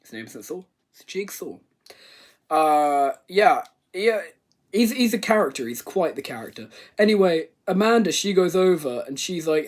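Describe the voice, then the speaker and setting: A man's voice: on the high side, expressive, normal speed. A man giving a rambling, comedic movie review rant, swearing and exaggerating. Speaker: video reviewer.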